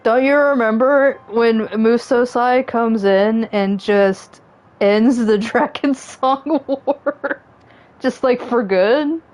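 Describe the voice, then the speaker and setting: A woman's voice: fairly high pitch, slow pace, darkish tone, low-quality recording. A woman streaming a video game, chatting casually and joking about the story, laughing often. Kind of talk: casual gameplay commentary.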